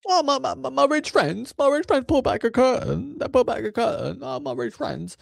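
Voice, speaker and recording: A simpering, self-important rich podcaster, put on by a man in a high, breathy voice. The sound is close and dry. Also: very animated, brisk, no room sound, heavily acted. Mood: mocking. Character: mocking impression of a soft-spoken rich male podcaster.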